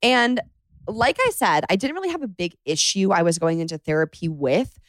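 A woman's voice: on the low side, expressive, moderate pace, dry recording. A young woman hosting a casual solo podcast from her bedroom, confiding and chatty, saying "like" a lot. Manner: chatty, confiding, says "like" often. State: emotional after crying. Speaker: podcast host.

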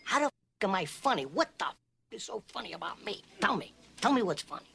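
A volatile gangster in a film scene, needling and threatening, his profane voice swinging widely in pitch. It has a bright, sharp edge, with a faint hiss of background noise. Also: sing-song, fast, creaky, heavily acted. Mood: angry. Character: menacing hot-tempered adult male gangster.

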